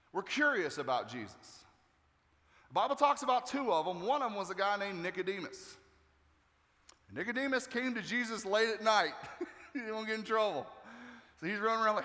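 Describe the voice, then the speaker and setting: A male pastor preaching a sermon in a relaxed, joking way, acting out the people in the story. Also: high-pitched, moderate pace. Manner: conversational and joking, acting out quotes. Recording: long hall reverb.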